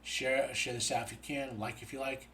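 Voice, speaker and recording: A man's voice: medium pitch, little pitch movement, normal speed, pushed and bright, a little hiss or hum. A tired man hosting a show, giving a casual spoken episode review that rambles with many fillers and restarts. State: tired, yawning.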